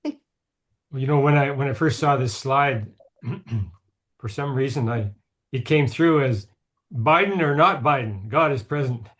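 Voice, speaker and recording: A man's voice: mid-range voice, a little slow, long pauses. A man joining a video call, chatting in a joking way. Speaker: call participant. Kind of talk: casual video call chat.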